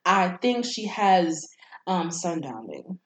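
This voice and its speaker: Young woman, casual chat, animated storytelling, roomy echoey sound. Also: slow. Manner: animated storytelling, acts out quotes with big pitch swings. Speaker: podcast co-host. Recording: roomy echo.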